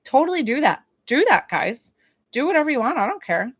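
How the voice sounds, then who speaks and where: A woman's voice: sits high, big pitch swings, brisk, slightly rough, dry recording, studio quality. A woman from New York giving a spiritual reading on a phone livestream, gushing, laughing often and chatting with viewers. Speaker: psychic medium.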